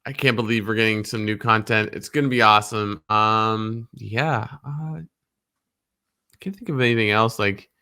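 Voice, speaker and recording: A man co-hosts a casual podcast in a lower voice that still sounds bright. He talks with eager enthusiasm, filling his sentences with "like" and "um" as he thinks aloud. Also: moderate pace, clean tone. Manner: enthusiastic, heavy use of "like" and "um". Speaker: podcast co-host. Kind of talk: casual chat.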